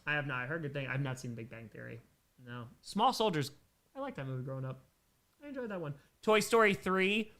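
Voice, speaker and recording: A man with a slightly raised, light voice hosts a relaxed livestream Q&A. He talks in a loose, rambling, enthusiastic way and stops now and then to thank donors before carrying on. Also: on the high side, a little fast. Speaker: livestream host answering viewer questions. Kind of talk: casual chat.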